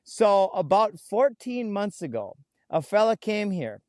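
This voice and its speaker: A man speaking as an interview guest, telling stories earnestly and slowing right down to stress his key words, recorded outdoors. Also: high voice, very animated, darkish tone, dry recording, studio quality. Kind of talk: conversational interview. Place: outdoors in a food forest.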